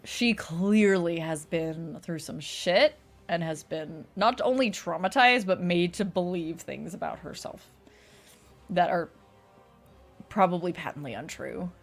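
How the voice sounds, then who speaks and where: A woman's voice: lowish voice, unhurried. A young adult woman streaming a casual chat, laughing often and swearing casually. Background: faint music.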